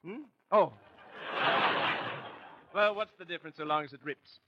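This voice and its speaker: A man's voice: high-pitched, sing-song, measured pace, muffled recording. A man putting on a blustering, pompous fake upper-class English voice, full of posh slang, on an old radio broadcast with hiss.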